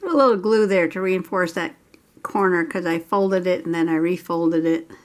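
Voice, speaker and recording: At home, a woman vlogger works on a craft project while chatting casually to herself and her viewers, thinking aloud as she goes. Her voice is lowish and she speaks at a normal speed.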